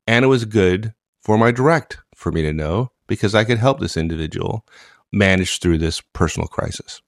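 A man co-hosting a casual chat, telling a management story with animated repetition. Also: on the low side, moderate pace, dry recording, clean studio sound. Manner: animated, repeats phrases. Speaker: co-host, manager.

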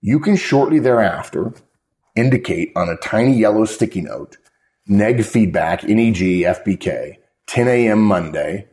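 A man with a very low voice hosts a casual podcast, talking with emphasis and leaping up in pitch when he stresses a point. He restarts sentences as he tells his stories. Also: animated, normal speed, darkish tone. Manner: emphatic, with sudden jumps in pitch. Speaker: podcast host. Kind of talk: casual podcast talk on management.

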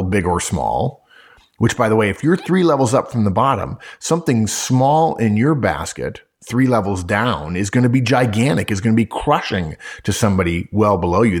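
A man with a low, slightly husky voice explains how managers should handle a big workload. He talks emphatically and repeats his key points to drive them home. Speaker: co-host.

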